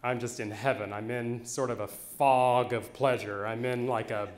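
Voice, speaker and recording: A man telling a funny personal story live on stage, wry and animated. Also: mid-range voice. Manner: wry, animated, slow-building. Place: theater stage. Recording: echoey live venue.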